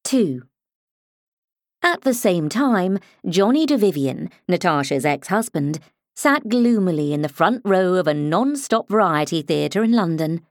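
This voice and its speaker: Lively low-voiced woman narrating. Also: unhurried, dry recording, studio quality. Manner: expressive, storytelling reading. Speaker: audiobook narrator. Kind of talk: scripted narration.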